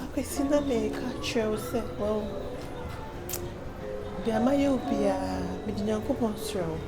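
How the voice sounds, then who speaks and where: An actress playing a wife who pleads softly, with a Ghanaian accent. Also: female voice, medium pitch, moderate pace, over loud music, natural voice. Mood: pleading. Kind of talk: Ghanaian comedy film acting.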